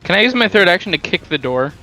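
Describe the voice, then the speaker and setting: High, lively man joking at the game table. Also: faint music behind, poor audio. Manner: joking, playful, quick to laugh. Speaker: player. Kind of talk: casual game table chat.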